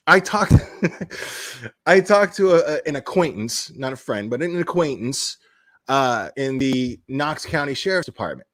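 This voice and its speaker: A man's voice: mid-range voice, expressive, a little slow, fairly bright tone. A man, a crime-commentary vlogger, ranting casually, bluntly and profanely with laughing asides. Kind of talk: casual vlog rant.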